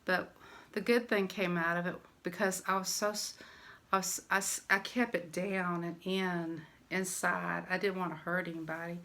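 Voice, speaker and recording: A woman's voice: fairly low pitch, fairly even intonation, moderate pace, a bit bright. Emotional older Southern woman telling a story. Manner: emotional, rambling storytelling with restarts. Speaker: vlogger. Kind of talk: personal story, casual vlog.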